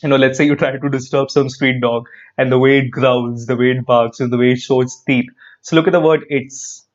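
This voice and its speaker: A man with an Indian English accent teaching an online grammar class, lively and repetitive, quizzing his students as he goes. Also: mid-range voice, brisk, muffled recording. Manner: lively, repeats phrases, quizzes students, frequent "perfect".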